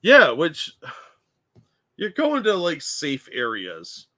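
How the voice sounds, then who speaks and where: A man's voice: on the high side, huge pitch swings, drawn-out words, bright, forceful tone, dry recording. A man co-hosting a casual political chat, blunt and mocking in tone. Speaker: co-host.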